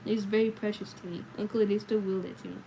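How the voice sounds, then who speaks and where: An anxious, tearful little boy who clings to his friend and asks earnest questions, as a woman reads him aloud. The voice sits at a middling pitch, a touch sore, over a faint hiss of background noise. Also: fairly even intonation, rapid-fire, mellow, lightly acted, poor audio. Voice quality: slightly sore voice.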